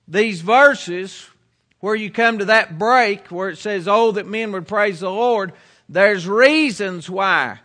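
A man's voice: high voice, sharp tone. A middle-aged preacher from the United States delivering a sermon in an earnest, emphatic way, repeating his points.

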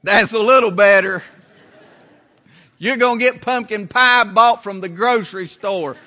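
A man's voice: sits high, measured pace, sharp tone. A middle-aged man preaching a sermon in a folksy, down-home way, repeating his phrases for emphasis. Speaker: pastor.

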